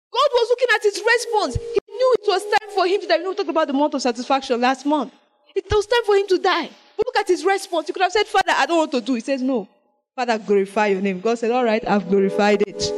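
A woman preaching a sermon, with an animated delivery that swings between loud exclamations and soft, prayerful lines. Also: very high voice, low-quality recording.

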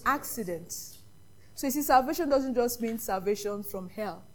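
A Nigerian woman preaching a sermon in a high voice. She tells lively stories and keeps quizzing the congregation with questions. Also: normal speed.

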